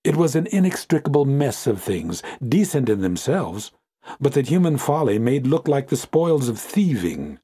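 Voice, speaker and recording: Measured, husky-voiced male audiobook narrator. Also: medium pitch, very animated, warm tone. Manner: measured, deliberate reading with drawn-out phrases. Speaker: audiobook reader. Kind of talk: scripted narration.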